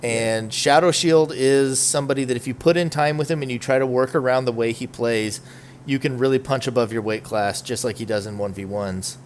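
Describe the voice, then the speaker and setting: Talking fairly quickly at a medium pitch, this gaming podcast host rambles and offers strong opinions in a chatty esports conversation. There's slight background noise.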